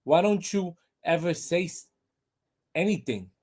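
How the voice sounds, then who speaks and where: A man's voice: a little high, expressive, a little slow, darkish tone, slightly rough, voice pushed up. Elephant, male, worried, apologetic, joke animal, voiced by a man.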